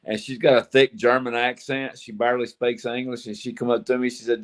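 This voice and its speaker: A man's voice: mid-range voice, level tone, a little fast. A man hosting a casual group livestream, joking and rambling, laughing at his own jokes. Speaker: livestream host, motorcycle vlogger. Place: outdoors at night, windy.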